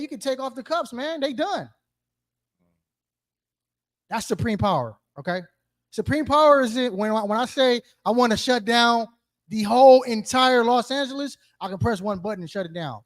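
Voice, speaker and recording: A man teaching a group in an interactive sermon, his voice sitting high. He talks in slang, keeps asking "right?", and calls on people by name. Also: normal speed. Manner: calls on listeners, asks questions, repeats answers; slangy, emphatic, rhetorical "right?". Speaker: teacher leading a scripture study.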